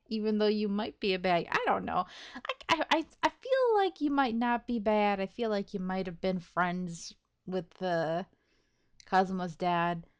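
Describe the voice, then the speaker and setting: A woman's voice: medium pitch, expressive, unhurried, smooth. A woman hosting a let's play, chatting casually and self-deprecatingly about her schedule and the game, thinking aloud with many restarts and laughs. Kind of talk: casual gameplay commentary.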